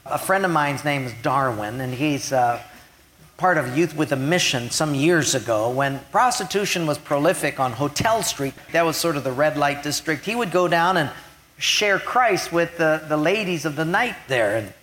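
Guy preaching, voice sits a bit high, goes loud then real quiet. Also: animated, moderate pace, a little hiss or hum. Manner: retells scripture with acted quotes, shifting from loud to hushed. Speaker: pastor. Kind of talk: sermon.

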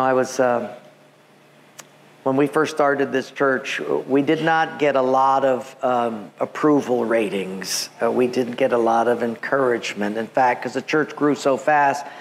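A man from Hawaii, a pastor, preaching with lively storytelling and acted-out voices. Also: medium pitch, a little slow. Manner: animated, acts out voices, laughs at himself. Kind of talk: sermon with storytelling. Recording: long church reverb, faint background noise.

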